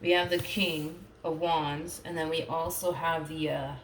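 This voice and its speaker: Speaking unhurriedly in a low voice with little pitch movement, a woman gives an informal tarot reading. She chatters with lots of fillers and notes she dislikes getting emotional, in an echoey room with slight background noise.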